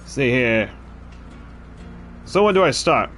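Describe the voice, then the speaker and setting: A man's voice: mid-range voice, animated, slow pace, a bit bright, faint music behind. A man streaming a game, chatting casually and thinking aloud about his choices between frequent laughs. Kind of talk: casual gameplay commentary.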